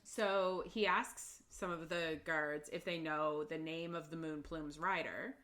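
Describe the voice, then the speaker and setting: Podcast co-host, female, unhurried and low, chatty summarizer who laughs easily. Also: fairly even intonation, a bit bright. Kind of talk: casual book recap chat.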